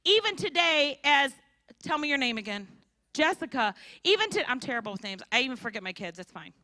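A woman preaches at a women's conference, and her voice sits high and swings widely in pitch. Her tone is bright, and she acts out the people in her stories. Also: fairly quick, no echo. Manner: animated storytelling with acted-out voices. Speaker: conference speaker. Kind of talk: sermon.

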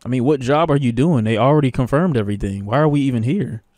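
A man streaming live, reacting to TV clips with animated, profane commentary and bursts of laughter. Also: mid-range voice, fast talker, no echo.

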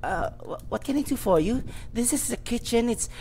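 A man's voice: very high voice, lively intonation, normal speed, a little mellow, pitched above the performer's own voice. A man doing a shaky, timid kitchen girl. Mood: nervous. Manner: shaky, apologetic. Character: timid young kitchen girl who has been crying.

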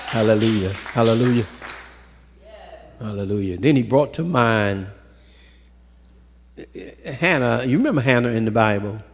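A man preaching a sermon, swinging from loud calls to hushed storytelling and calling out to the congregation, in a church sanctuary. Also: fairly low pitch, slightly rough. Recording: echoey hall with long reverb.

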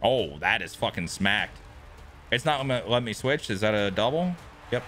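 A young man streaming a baseball video game, commenting casually, swearing and yelling at big plays. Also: fairly low pitch, normal speed, faint music behind. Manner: excitable, yells at big plays, swears, talks to chat. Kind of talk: live gameplay commentary.

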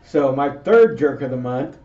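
A man co-hosting a podcast, chiming in with quick questions and easy laughs. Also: mid-range voice, lively intonation, dark tone. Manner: short reactions and questions, laughs easily. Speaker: podcast co-host. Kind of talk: casual chat. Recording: echoey, distant, dull lo-fi.

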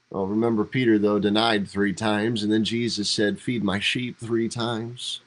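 A man with a fairly low voice gives a devotional Bible teaching as a pastor. He talks conversationally, lifting his voice when he acts out quoted lines. It comes from a church livestream. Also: little pitch movement, measured pace, few pauses, low-quality recording.

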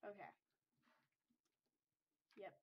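A woman's voice: extremely slow, darkish tone, poor audio. A woman with a congested voice, rambling and thinking aloud in casual gameplay commentary as she builds. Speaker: server owner playing a game.

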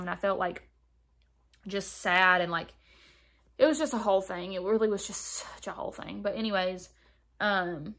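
A woman's voice: medium pitch, sharp tone. A young woman chatting candidly while doing her makeup on camera, talking loosely with plenty of fillers. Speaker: beauty vlogger. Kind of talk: casual get-ready-with-me chat.

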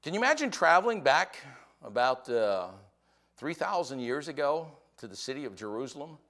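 An older American man preaching a sermon as pastor, telling folksy stories with big swings in pitch and volume. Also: big pitch swings, normal speed, fairly bright tone.

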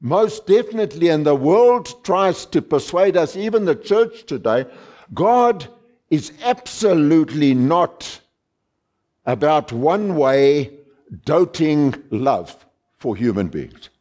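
Slow, emphatic male preacher. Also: on the high side. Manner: slow, emphatic preaching with lively rises on key words; repeats phrases and restarts with fillers. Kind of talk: sermon.

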